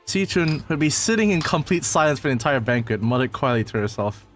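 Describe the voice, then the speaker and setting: Lively man reading game narration. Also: medium pitch, brisk, faint music behind. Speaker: reader and voice actor.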